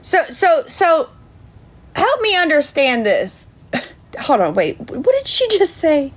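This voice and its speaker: A woman hosting a livestream chats indignantly while thanking viewers by name. Her voice sits high with huge pitch swings, and she speaks slowly.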